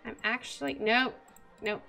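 A woman's voice: a little high, steady tone, unhurried, vocal fry, bright, forceful tone, soft background music. A woman giving casual let's-play commentary while building a city, chatty and exasperated, talking to herself and to the game. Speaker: gamer.

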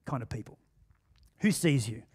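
A man with an Australian accent preaching a sermon in a church, swinging between loud emphatic bursts and quiet asides. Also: mid-range voice, lively intonation, moderate pace, breathy edge. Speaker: pastor. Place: church auditorium.

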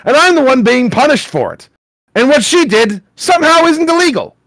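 A man's voice: very high voice, very animated, normal speed, fairly bright tone, no echo. A man hosting a comedy show, wryly reading forum posts aloud and laughing at them. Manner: wry, laughs at what he reads. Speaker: host reading internet posts.

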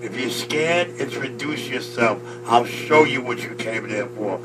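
A man ranting back at a rival, boastful and insulting, with loud outbursts. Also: medium pitch, a little slow. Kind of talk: ranting street argument. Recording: distant from mic over loud music.

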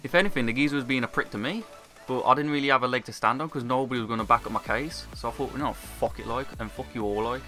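A young British man telling a story in a casual, sweary, animated way. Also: mid-range voice. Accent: British English. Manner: brisk, animated, sweary retelling. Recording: faint background music.

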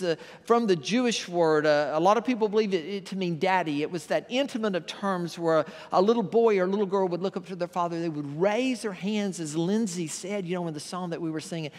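A man preaching a sermon as pastor, telling a story with quiet asides before moving on to a forceful, emphatic delivery. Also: high-pitched. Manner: storytelling, quiet and soft through the joke, then loud and emphatic. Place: church sanctuary. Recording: long reverb of a church hall.

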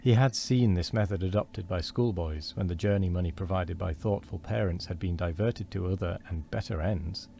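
A man reads a storybook aloud at a measured pace, now and then tripping and restarting a word. His voice is low and mellow, with a faint hiss behind it. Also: gravelly. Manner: measured, with small slips and restarts. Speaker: streamer reading a book aloud. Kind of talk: storybook reading.

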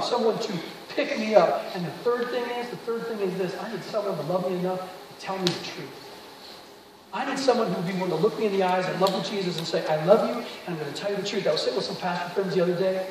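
Male pastor, sermon, lively storyteller; high voice, recorded from far off in a big echoing hall. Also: brisk. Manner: animated storytelling with acted quotes. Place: large church hall. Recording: echoey hall, from far off, noisy.

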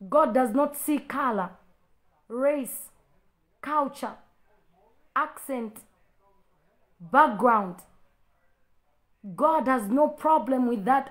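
A woman preacher with an African accent, scolding a critic in her congregation. Her voice sits a little high, and she fires off one pointed rhetorical question after another. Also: a little slow, long pauses. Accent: African English. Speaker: pastor. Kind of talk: preaching to a live stream.

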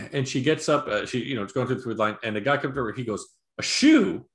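A man's voice: mid-range voice, fast, reverberant. A man co-hosting a podcast, chatting casually and rambling through a show review with profanity and acted-out quotes. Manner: rambling, profane, animated retelling with impressions. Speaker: podcast co-host. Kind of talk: casual chat, movie review. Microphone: video call.

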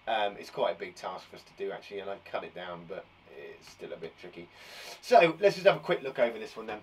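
A young British man who is a primary school teacher, giving a lively, encouraging online lesson to young children, with playful asides. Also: on the low side, fast, a little hiss or hum. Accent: British English.

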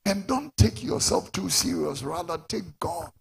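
Gravelly Ghanaian preacher. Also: male voice, sits high, animated, unhurried. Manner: switches to shouting for emphasis. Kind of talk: sermon.

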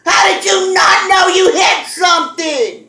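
A very high-pitched, bright-voiced woman tells a story at full volume, cursing and laughing through it. The room around her is echoey. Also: a little slow. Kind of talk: loud profane storytelling. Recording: roomy echo.

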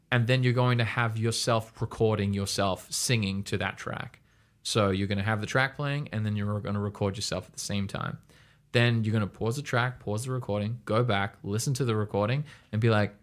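A young man from Australia talks through a singing lesson in a loose, rambling way. He laughs often and sidetracks a lot, and his voice sits at a middle pitch. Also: a bit bright. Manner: rambling, chatty, laughs often, mimics reactions in a high squeal. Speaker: music coach. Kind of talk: casual video lesson.

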